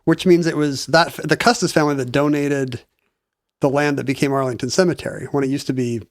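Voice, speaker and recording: Wry, quick-witted man co-hosting. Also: a little high, fairly even intonation. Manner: dry sarcastic quips. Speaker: podcast co-host. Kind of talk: casual chat.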